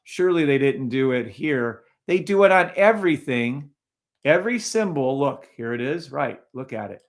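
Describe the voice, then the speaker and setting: A man's voice: medium pitch, expressive, normal speed. A man hosting a live trading stream, talking casually over charts and greeting viewers in the chat, often sounding incredulous.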